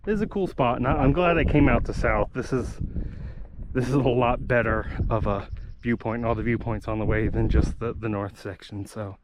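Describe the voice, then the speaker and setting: A man's voice: mid-range voice, normal speed, background noise. A man vlogging a hike outdoors on a mountain trail, out of breath, chatty and self-deprecating. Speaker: hiking vlogger. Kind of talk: casual hiking vlog narration.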